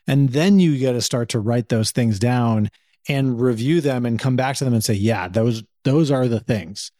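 A man's voice: mid-range voice, moderate pace, mellow, no echo, studio quality. A man co-hosting a casual podcast chat, earnestly giving advice. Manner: earnest, advising. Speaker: podcast co-host.

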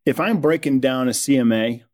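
An energetic man talks as a podcast guest, persuasive and quick to lay out his point. His voice sits at a middling pitch for a man. The delivery stays conversational and confident. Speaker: guest, company co-founder.

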